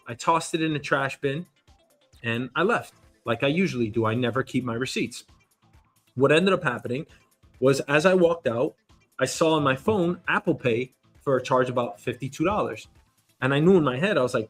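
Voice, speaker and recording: New guy ranting on his show, voice jumps all over, kinda high. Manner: animated, indignant storytelling. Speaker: show host. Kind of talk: casual ranting monologue. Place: New York.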